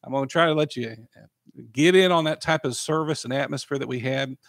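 Gravelly pastor, emotional. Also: male voice, medium pitch, a little fast, a bit bright, no room sound, studio quality. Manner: emotional, repeats "praise the Lord". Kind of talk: podcast sermon and prayer.

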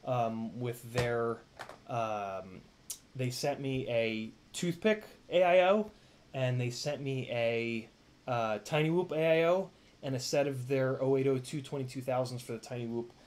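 A man's voice: mid-range voice, unhurried, darkish tone. A young man hosting a casual live stream, rambling with lots of fillers and restarts, swearing now and then while thanking viewers. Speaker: live-stream host reading donations.

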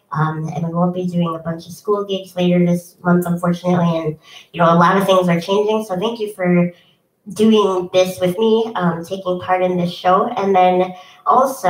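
A woman's voice: fairly low pitch, steady tone, moderate pace. A young woman musician chatting casually between songs at a home concert, with lots of ums and self-deprecating asides. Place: home, indoors. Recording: echoey room, from a distance.

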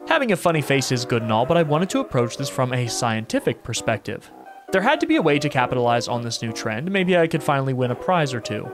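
Smug, calmly menacing mad scientist villain for a horror game, put on by a man reading it aloud, mid-range voice, game music underneath. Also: medium pitch, fast, close to an everyday voice. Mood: scheming. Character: sinister adult male mad scientist villain.

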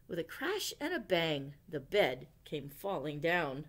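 Woman librarian, storytime read-aloud, slow and unhurried, with a lively, singsong voice. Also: low-pitched. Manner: gentle, expressive read-aloud with questions to listeners. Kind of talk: children's storytime reading.

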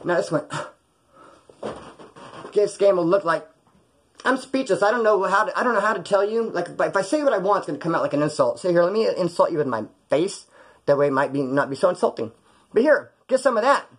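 A man's voice: high-pitched, a little fast, slightly rough. A man casually telling profane prison stories, acting out the people in them, in a small hot room. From California. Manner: animated, profane, acts out quoted voices. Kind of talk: casual storytelling.

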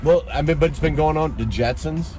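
A man chatting casually as a guest, telling animated stories. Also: a little high, brisk, over music. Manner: animated storytelling. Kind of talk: casual chat.

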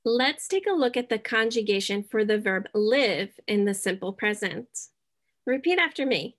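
A woman teaching a beginner English lesson, speaking deliberately, checking in often and dropping in Spanish words. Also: mid-range voice, lively intonation, fairly bright tone. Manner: slow, deliberate, checks in with "okay?".

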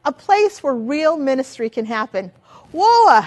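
High-voiced older woman teaching. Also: moderate pace. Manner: animated, asks many rhetorical questions. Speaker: children's ministry trainer. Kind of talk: teaching talk.

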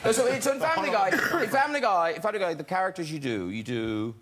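A man's voice: sits high, very animated, quick pace, heavy background noise. A man hosting a talk show, playful and laughing, pushing his guests to perform. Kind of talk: casual talk show chat.

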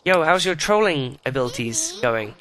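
A man's voice: mid-range voice, expressive, normal speed, a bit bright. A man giving profane, exasperated running commentary while playing a life-simulation video game. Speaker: let's play host.

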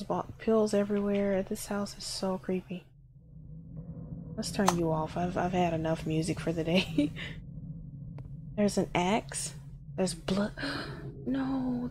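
A woman's voice: medium pitch, noisy background. Jumpy woman narrating a horror game. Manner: nervous, gasping and laughing in fright. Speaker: gameplay streamer.

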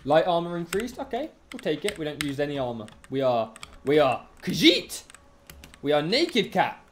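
A streamer giving excitable let's-play commentary, taunting enemies in the game. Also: mid-range voice, moderate pace, a little hiss or hum. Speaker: gaming streamer.

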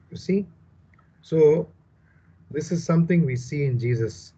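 A male preacher teaches from scripture with emphatic repetition and rhetorical questions. His voice sits a little high and sounds husky. The recording is dull and lo-fi. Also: a little slow, warm tone. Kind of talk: Bible teaching sermon.

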